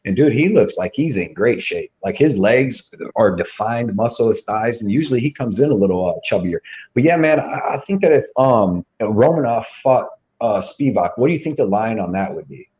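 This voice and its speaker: Low mellow guy rambling about his fight bets, super casual, lots of dude and you know what i mean. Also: expressive, normal speed, dull audio. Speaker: co-host of a betting show. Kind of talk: casual sports betting chat.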